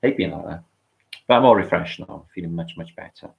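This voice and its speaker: A middle-aged British man with a lowish voice rambles through a casual livestream. He swears freely and reads out viewer comments as he goes. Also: quick pace, creaky, narrow, tinny audio. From Britain. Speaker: livestream host.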